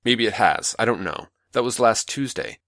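A man playing a smooth, scheming older mentor. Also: lowish voice, moderate pace, no echo, clean studio sound, pitched above the performer's own voice. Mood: coaxing. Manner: calm, patronizing, coaxing.

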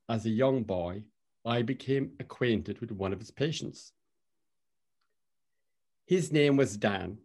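A man's voice: mid-range voice, a little mellow. Cork Irish man telling a wry story. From Cork, Ireland. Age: middle-aged. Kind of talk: live personal storytelling.

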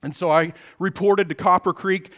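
A middle-aged man preaching a sermon, telling a personal story in an animated, storytelling way. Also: high-pitched, normal speed. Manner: animated storyteller, acts out his own shouts.

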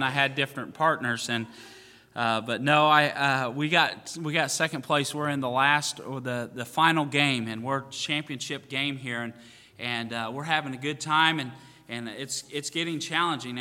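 Pastor guy cracking jokes at himself in a sermon, bright punchy voice, big echoey church. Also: mid-range voice, normal speed. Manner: humorous storytelling, self-mocking. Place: church sanctuary. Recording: long hall reverb.

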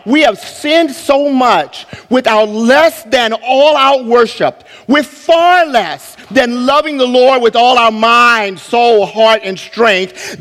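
High-voiced male pastor preaching in a hall. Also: a bit bright. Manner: emphatic preaching with rhetorical questions. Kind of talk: sermon. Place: church sanctuary.

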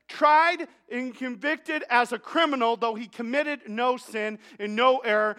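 A male pastor delivering a sermon in a very high, bright, forceful voice. He presses his points with rhetorical questions and repeated lines. He sometimes trips over a word and restarts. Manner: emphatic, with rhetorical questions and repetition; stumbles and restarts mid-phrase.

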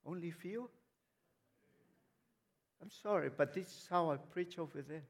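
A man's voice: fairly high pitch, measured pace. A man preaching a sermon as a lay missionary, speaking emphatically, repeating words as he builds up and asking the congregation frequent questions.

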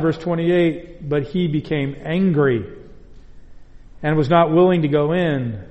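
A pastor with a high-pitched male voice preaches an earnest sermon, pressing his points with deliberate repetition. His words carry a long reverb, like a large sanctuary. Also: darkish tone, highs cut off.

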